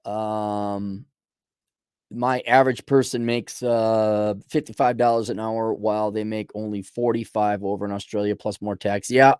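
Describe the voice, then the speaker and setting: A man's voice: on the low side, little pitch movement, unhurried, darkish tone, clean tone, dry recording. Blunt, profane man ranting into a dry mic. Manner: blunt, profane, rambling, with many restarts. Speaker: host answering a viewer's letter. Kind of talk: casual ranting commentary.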